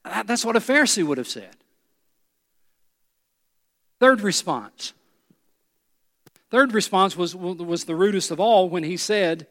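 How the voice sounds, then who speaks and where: A male pastor preaching a sermon. He uses dramatic pauses and drops low and soft on key words. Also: expressive, big-room sound.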